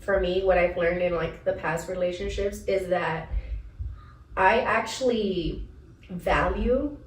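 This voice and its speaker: A woman co-hosting a podcast in casual chat, an animated storyteller who laughs often. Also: lowish voice, slow. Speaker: podcast co-host. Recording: roomy and distant from the mic.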